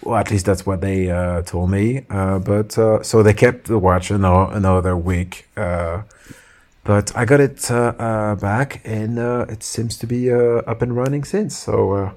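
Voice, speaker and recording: A man's voice: lowish voice, unhurried, a little mellow. A man with a French accent, a podcast co-host telling a story in casual chat, full of fillers and restarts.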